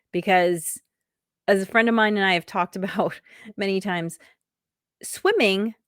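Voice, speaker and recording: Low-voiced woman telling a personal story. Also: no room sound, studio quality. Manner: conversational, thoughtful, laughs lightly now and then. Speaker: podcast host.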